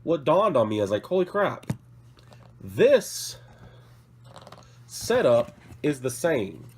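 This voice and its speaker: A sick, coughing man hosts a casual hobby vlog from his work table, showing off models while rambling, correcting himself, and apologizing. His mid-range voice is very animated and a little mellow, delivered at a slow pace. There's a faint hiss or hum in the recording.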